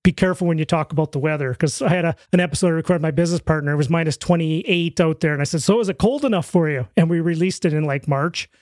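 A fairly high-voiced man appears as a podcast guest in a casual interview, telling stories animatedly and slipping into the voices of the people in them. He talks fast with hardly any pauses, and the recording is dry and close, with no room sound.

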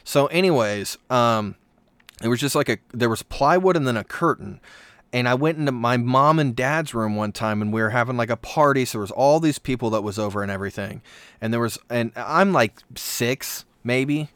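Man, casual storyteller, self-mocking, quick asides, mid-pitched voice, dry close mic. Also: a bit bright, smooth, no room sound. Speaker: co-host telling a childhood story.

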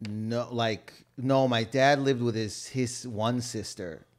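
A man's voice: medium pitch, steady tone, takes it slowly. Young man telling rambling stories. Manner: rambling anecdotes, many restarts and fillers, frequent laughter. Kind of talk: casual chat, storytelling.

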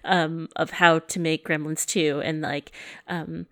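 A woman's voice: sits low, little pitch movement, slow pace, dry recording. Rambling woman co-host, dry sound. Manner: rambling, hesitant, full of ums, playfully teasing. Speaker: podcast co-host. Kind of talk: casual chat.

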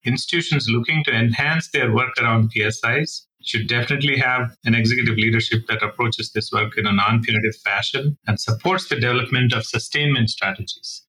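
A man's voice: mid-range voice, pushed and bright, low-quality recording. A man physician leader answering interview questions earnestly and emphatically.

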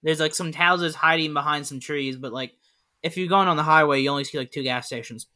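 A man's voice: on the high side, brisk, sharp tone. A man co-hosting a podcast, telling loose, rambling anecdotes packed with "like" in a casual chat. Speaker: podcast co-host.

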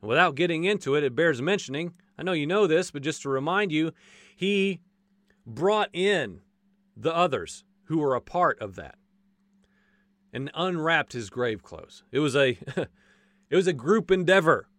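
A man preaching a casual, animated sermon, acting out voices from the stories and joking as he goes. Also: on the high side, normal speed, no echo. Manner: folksy, says "y'all" and jokes.

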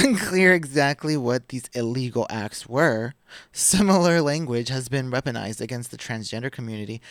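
A man's voice: mid-range voice, dry recording. A man co-hosting a podcast, chatting casually and reading news items aloud with swearing and laughter. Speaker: podcast co-host.

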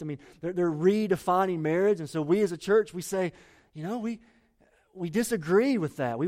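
A male pastor preaching with earnest urgency and a fairly high voice. He restarts and repeats phrases as he presses each point. It is the sound of a live sermon to a congregation. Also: a little mellow.

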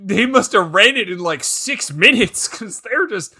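A man's voice: high voice, animated, sharp tone, breathy edge. A man co-hosting a podcast, joking about a bad movie, laughing often and stumbling over his words. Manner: laughing, halting restarts. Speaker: podcast co-host. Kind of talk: casual comedic banter.

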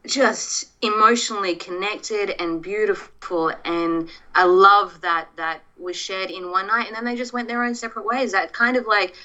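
Bright-voiced Australian actress, chatty. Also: female voice, mid-range voice, fairly even intonation, moderate pace, hardly any pauses, highs cut off. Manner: chatty, self-deprecating, laughs often. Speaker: actress, podcast guest. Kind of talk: casual interview chat.

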